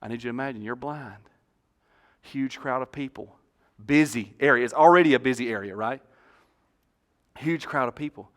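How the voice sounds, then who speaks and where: A pastor delivers his sermon from a church stage in a mid-range voice at normal speed. He tells the story with animation and trades jokes with the congregation.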